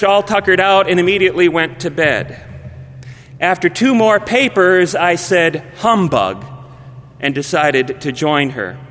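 Male pastor, sermon storytelling, high voice, unhurried, hushed phrase endings, big hall reverb. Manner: measured, dropping to a hushed voice at phrase ends. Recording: long reverb of a large hall.

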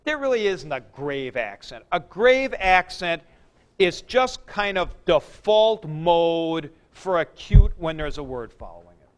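Slow-talking man lecturing. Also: fairly high pitch, sing-song, clear, resonant tone. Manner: slow, explanatory, with fillers and rhetorical checks. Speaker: Greek teacher. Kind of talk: classroom lecture.

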